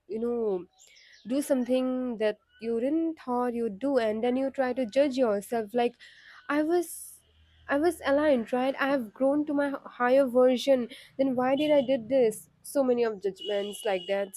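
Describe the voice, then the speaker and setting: A woman's voice: medium pitch, mellow, dry recording. A woman, talking candidly and reflectively in a casual vlog, with frequent fillers. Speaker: vlogger.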